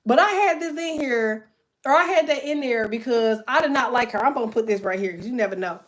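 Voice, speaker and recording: A woman's voice: fairly high pitch, lively intonation, fairly quick. A woman vlogger talking casually to her followers in a profane, rambling way, with plenty of "like" fillers.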